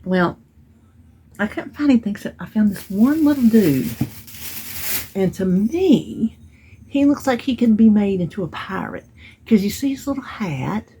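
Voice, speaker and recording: In a mid-range, mellow voice, a woman vlogger speaks animatedly but at a measured pace, often pausing. Her casual haul chat at home covers things she purchased and got in the mail, told as chatty stories with Southern-style grammar, over a slight hiss or hum.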